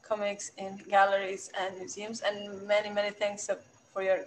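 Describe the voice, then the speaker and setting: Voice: mid-range voice, monotone, moderate pace, a little hiss or hum, rough recording. A museum curator, moderating a Q&A with long, hesitant questions full of fillers. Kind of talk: asking questions after a lecture.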